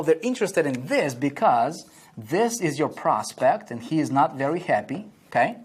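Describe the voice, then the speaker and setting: A man's voice: fairly high pitch, a little mellow, breathy edge. A man teaching online marketing at a whiteboard, repeating key phrases and checking in with "okay?" and "right?" after nearly every point.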